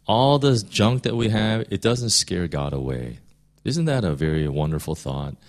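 A man's voice: sits low, very animated, normal speed. A man preaching a casual, conversational sermon, full of fillers, restarts and rhetorical questions to the listeners. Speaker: pastor.

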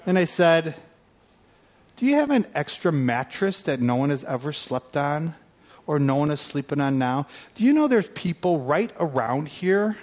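A man preaching a sermon, telling a story and acting out his prayers and phone calls with lively delivery. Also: on the high side, normal speed. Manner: animated storyteller, acts out quoted prayers and calls. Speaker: guest preacher.

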